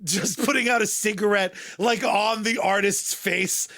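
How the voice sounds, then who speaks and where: Male co-host, high voice, quick joking banter. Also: steady tone, pushed and bright, dry recording, studio quality. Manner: joking, quick to riff and laugh. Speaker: podcast co-host. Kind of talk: casual chat.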